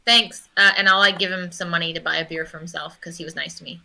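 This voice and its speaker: A woman's voice: fairly low pitch, steady tone, fast talker, creaky, bright, forceful tone, poor audio. A woman playing a tabletop game, chatting casually and asking lots of questions. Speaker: player.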